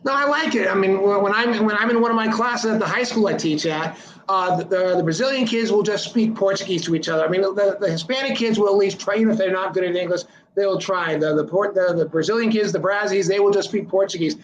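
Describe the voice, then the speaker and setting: A man with a high voice tells long, meandering anecdotes in a relaxed conversation, often repeating himself as he finds his words. The room around him sounds echoey. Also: fast talker, lo-fi sound. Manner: rambling storyteller, repeats words while telling anecdotes. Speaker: interview guest, filmmaker and teacher. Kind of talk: casual conversation.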